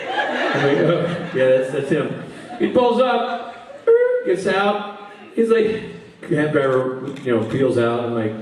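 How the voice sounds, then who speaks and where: A man telling a funny story to a live audience in a casual, animated way, jumping into other people's voices. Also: slow. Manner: animated, acts out a friend's drunk voice with big pitch jumps. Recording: roomy echo from far off the mic.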